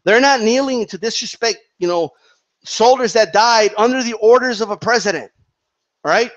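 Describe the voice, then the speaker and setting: A man's voice: sits high, normal speed, fairly bright tone, muffled recording. A man hosting his own commentary channel, giving a heated opinion monologue and checking in with "right?" and "okay?" as he goes. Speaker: boxing commentary channel host.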